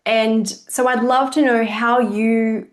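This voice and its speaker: A woman's voice: fairly high pitch, slow. A woman hosting a coaching podcast, chatting casually and telling stories expressively. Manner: expressive, animated storyteller. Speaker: podcast host, kids jiu jitsu coach. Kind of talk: casual conversation.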